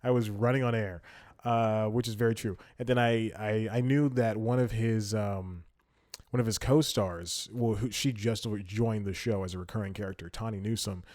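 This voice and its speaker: A man's voice: fairly low pitch, normal speed. A young man hosting a solo comedy podcast, telling a rambling story and often laughing mid-sentence, livening up when he acts out what people said. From Atlanta, United States. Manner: animated when acting out quotes. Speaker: podcast host.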